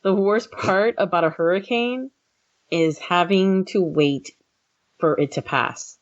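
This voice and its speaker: A woman's voice: lowish voice, slow, dull audio. A woman from Florida co-hosting a casual podcast chat, telling stories with acted-out voices. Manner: animated storytelling with acted-out voices. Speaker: podcast co-host.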